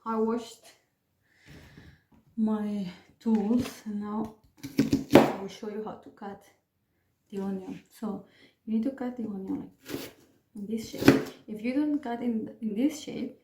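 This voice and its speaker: A woman's voice: mid-range voice, fairly even intonation, slow, long pauses, reverberant, very noisy. A woman, chatting her way through a home cooking tutorial with rambling asides and restarts. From Peru. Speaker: home cook vlogger. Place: home kitchen.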